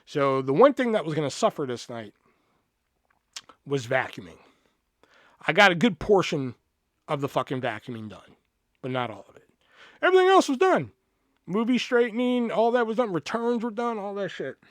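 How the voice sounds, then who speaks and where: A man in his thirties telling work stories on a podcast, animated and full of swearing, acting out what people said. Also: fairly high pitch, normal speed, pauses often, no room sound, clean studio sound. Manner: animated, swears a lot, acts out quotes. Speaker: podcast host. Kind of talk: casual storytelling.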